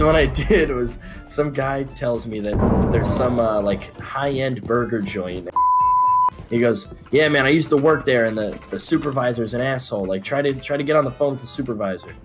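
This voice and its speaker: A young man in casual voice chat with friends, telling a rowdy story and breaking into shouted, laughing punchlines. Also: on the low side.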